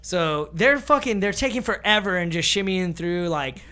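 A young man telling a long story in casual, profane podcast chat, animated and slipping into quoted voices. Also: high voice, normal speed, smooth. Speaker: podcast host.

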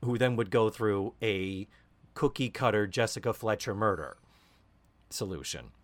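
A man co-hosting a podcast in casual chat, an animated storyteller who swears freely. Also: on the low side, measured pace. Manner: animated storyteller, swearing, slips into mock Cockney quotes. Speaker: podcast co-host.

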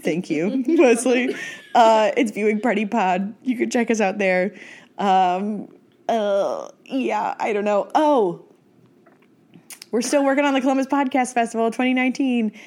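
A woman's voice: fairly high pitch, a little slow, a little mellow. Giggly rambling woman podcast host. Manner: giggly, rambling, self-mocking. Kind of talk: casual movie podcast chat. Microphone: studio microphone.

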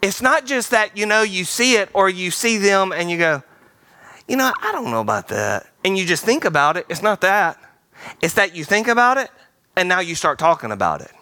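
A man preaching a sermon, animated and playful, acting out quoted voices and laughing now and then. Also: sits high, brisk, clean tone, dry recording. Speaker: pastor. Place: large theater-style church hall.

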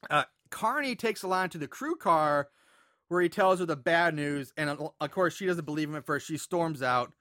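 A man's voice: fairly high pitch, moderate pace, no echo, clean studio sound. A man casually recapping a film's plot for a co-host, acting out the characters' lines with laughter. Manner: animated retelling with acted-out quotes and laughs. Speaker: podcast co-host recapping a film. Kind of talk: casual chat.

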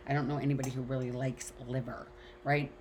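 A middle-aged woman with a low voice, teaching an online class in a candid, chatty way. She swears freely and says what she thinks. A faint hiss of background noise sits under her voice. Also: level tone, quick pace, a little mellow. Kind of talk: casual talk to an online class. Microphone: video call.

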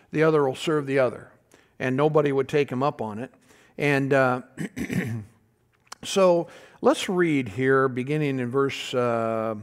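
A man preaching a sermon as pastor, animated, calling out questions to the congregation and restarting his sentences. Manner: animated preacher, calls to the congregation, pitch jumps high for emphasis; halting restarts and fillers.

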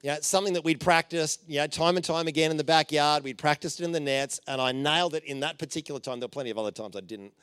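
A man preaching a conversational sermon, telling stories with playful jokes and asides, and dropping to a soft voice for emphasis. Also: fairly high pitch, fast talker, hardly any pauses, smooth, dry recording. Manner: informal and joking, with many fillers and playful asides.

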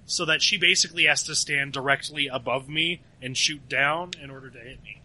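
A man's voice: on the high side, a little fast, pushed and bright, low-quality recording. A man playing a tabletop game, explaining his moves in a rambling way with lots of "like". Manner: rambling, filler-heavy, many restarts. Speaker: player. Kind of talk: casual game talk.

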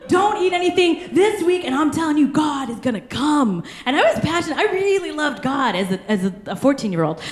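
A young woman delivers a sermon in a bright, high voice, animated and laughing through her stories. The sound carries a noticeable room echo. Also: brisk, hardly any pauses. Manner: animated storytelling with frequent laughter. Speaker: pastor. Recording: echoey room.

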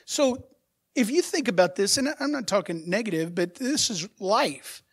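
A man preaching a sermon as pastor, asking his congregation rhetorical questions and swinging from soft asides to loud, emphatic bursts. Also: sits high, lively intonation, normal speed, slightly rough.

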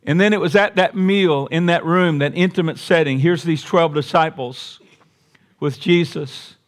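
Male pastor, slightly high voice, sermon delivery: soft reflection building to emphatic repeated refrains. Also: unhurried. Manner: preaching with big swings from quiet to raised, emphatic repetition.

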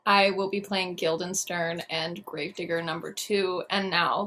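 A woman's voice: on the low side, steady tone, normal speed, few pauses, a bit bright, a little hiss or hum. A woman actor introducing herself and a colleague with wry teasing. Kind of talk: casual introduction.

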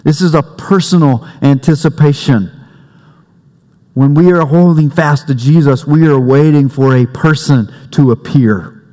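A man preaching a sermon as pastor, conversational and warm-humored, with family stories. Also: on the high side, unhurried. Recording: long reverb in a church hall.

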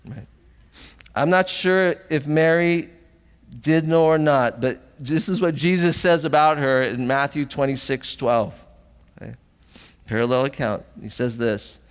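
A man's voice: on the high side, unhurried, clean tone, in a large hall. A man preaching a sermon as pastor, earnest and emotional, often asking the congregation questions, at times tearful.

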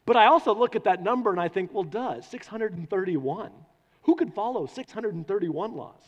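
A man preaching a sermon to a congregation, animated and putting questions to the listeners. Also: sits high, normal speed, muffled recording. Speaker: pastor. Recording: long hall reverb.

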